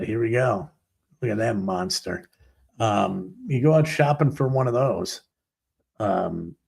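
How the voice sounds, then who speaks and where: A man's voice: lowish voice, creaky, slightly rough. A man hosting a sports talk show, ranting in a sarcastic, rambling, exasperated way. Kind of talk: ranting commentary.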